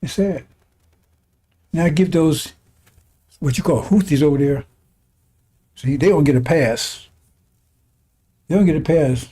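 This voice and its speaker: A man with a high voice and a mellow, dark tone delivers a fiery broadcast sermon. He mocks and scorns his listeners, chuckling as he goes and hammering on repeated phrases. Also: measured pace, pauses often, slightly rough. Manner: mocking, scornful, breaks into laughter, repeats phrases. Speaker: preacher. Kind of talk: impassioned religious broadcast sermon.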